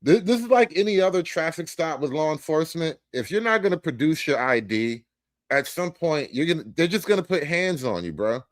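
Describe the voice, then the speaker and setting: A man's voice: a little high, very animated, fairly quick, no echo, clean studio sound. A man giving a casual, profane, joking commentary as the host of a reaction show.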